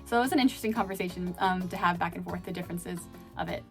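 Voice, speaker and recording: A woman's voice: on the low side, racing, soft background music. A woman telling stories in a casual vlog, chatty and full of fillers. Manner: chatty, filler-heavy, laughing now and then. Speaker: vlogger and former chat host.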